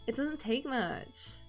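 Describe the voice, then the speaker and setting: A woman streamer with a mixed Canadian and American accent chatting casually, breaking into giggles often between phrases. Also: high voice. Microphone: desk microphone.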